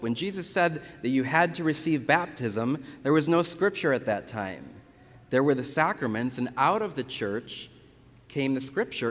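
A Catholic priest giving a conversational sermon, telling stories from the pulpit with lively retellings. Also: male voice, mid-range voice. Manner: conversational storytelling, animated retellings. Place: church. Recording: church reverb.

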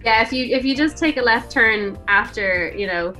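Bright-voiced Irish woman with mid-Atlantic twang. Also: on the high side, lively intonation, moderate pace, faint music behind. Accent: Irish with a mid-Atlantic lilt. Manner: chatty, laughs easily. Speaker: radio co-host. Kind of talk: casual chat.

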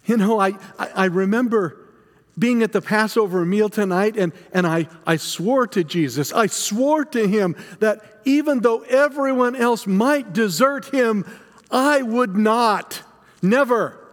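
A man playing the frightened, guilt-stricken apostle Peter in a dramatic first-person monologue, halting and stammering over his words. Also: sits high, long reverb tail. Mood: ashamed.

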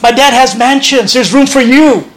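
A man's voice: very high-pitched, moderate pace, rough recording. A man preaching a sermon as pastor, earnest and conversational, often restarting his phrases.

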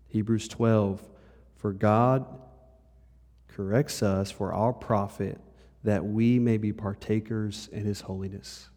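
A male pastor giving a conversational sermon. He moves between lively and hushed delivery and speaks straight to the congregation. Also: fairly low pitch, takes it slowly. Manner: conversational preaching, shifts between animated and hushed. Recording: long hall reverb.

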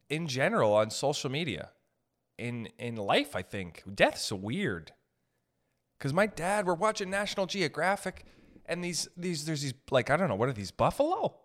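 Profane, animated comedy podcaster. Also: male voice, fairly high pitch. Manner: riffing, profane, laughing at his own jokes. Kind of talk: rambling comedic monologue.

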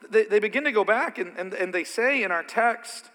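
A man preaching with a high, bright, forceful voice that carries through a reverberant church hall. He drops into quiet, conversational asides and then builds to loud, emphatic declarations. The long reverb trails after each phrase. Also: normal speed. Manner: dynamic preaching, swings from soft asides to loud emphatic peaks. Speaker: pastor. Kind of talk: sermon.

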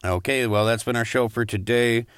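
Bright-voiced young man hosting. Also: medium pitch, normal speed, clean tone, no room sound, studio quality. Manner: hesitant, full of "um", bursts into angry swearing. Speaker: podcast host. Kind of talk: crude comedy podcast hosting.

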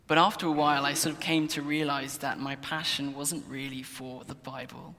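A young man speaks his faith story in a candid, earnest way and sometimes restarts mid-sentence. His voice is a little high and bright. The room gives it a lingering echo. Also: fairly even intonation, moderate pace. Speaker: Christian sharing his testimony. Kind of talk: casual personal testimony to camera. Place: desk in his own room.

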